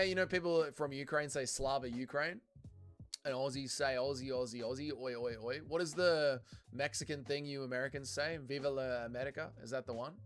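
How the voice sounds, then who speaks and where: Reading his chat aloud, a livestream host responds to viewer comments in a loose, profane manner. His voice sits on the high side and sounds a bit bright.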